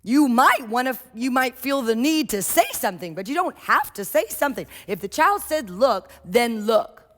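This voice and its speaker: A woman giving a workshop lecture on children's art, lively and storytelling, often acting out quotes. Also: a little high, normal speed. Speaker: early childhood art trainer. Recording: echoey hall.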